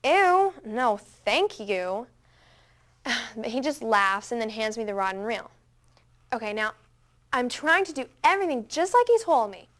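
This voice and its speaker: A woman's voice: a little high, animated, normal speed, fairly bright tone. Chatty, dramatic woman storyteller. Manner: chatty, dramatic, full of "like" fillers. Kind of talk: scripted first-person monologue.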